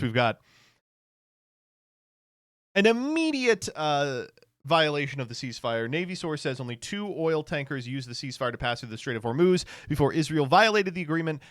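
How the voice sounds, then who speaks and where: Male streamer, casual commentary, sarcastic and foul-mouthed, smooth voice, dry sound. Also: mid-range voice, animated, moderate pace, a bit bright, no echo. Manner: sarcastic, profane, stammering restarts.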